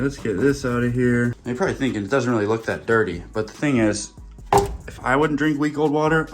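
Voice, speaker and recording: A man, chatting casually and jokingly as he tends his snakes. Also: medium pitch. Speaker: reptile keeper and vlogger. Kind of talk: casual vlog.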